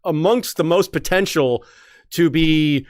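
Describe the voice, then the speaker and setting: A man's voice: fairly high pitch, slow pace, no room sound, studio quality. A man co-hosting a casual discussion show, rambling with restarts and frequent laughs. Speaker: podcast co-host.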